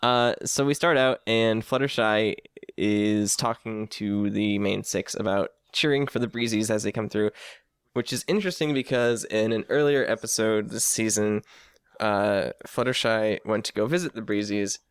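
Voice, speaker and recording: A man's voice: lowish voice, moderate pace, clean tone, no echo. A man hosting a casual podcast chat who laughs often between lines. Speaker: podcast host.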